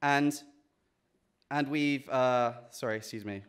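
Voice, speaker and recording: A man's voice: mid-range voice, slow pace, fairly bright tone. A young man with a British accent giving a graduation class day speech, earnest with self-deprecating jokes and frequent restarts. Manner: restarts and repeats words. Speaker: graduating student speaker.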